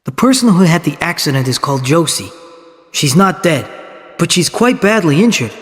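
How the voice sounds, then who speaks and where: Brief: a man playing a brisk male producer, slightly raised pitch, long reverb. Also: sing-song. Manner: explaining, businesslike.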